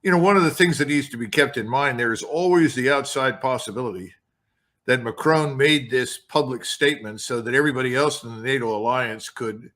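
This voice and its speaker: A man's voice: mid-range voice, brisk, a bit bright. An older man speaking as an interview guest, blunt and emphatic. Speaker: guest commentator.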